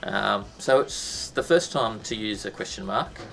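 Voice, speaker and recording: Male teacher, low gravelly voice, loose chatty delivery over faint music. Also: lively intonation, a little slow, pushed and bright. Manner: chatty, many ums and restarts, bursts into sound effects. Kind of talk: casual explainer lesson.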